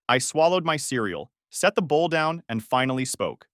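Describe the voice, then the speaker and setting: A man's voice: mid-range voice, very animated, moderate pace, few pauses, a bit bright, no room sound. A man narrating a first-person story in a dry, sarcastic manner, close to the mic.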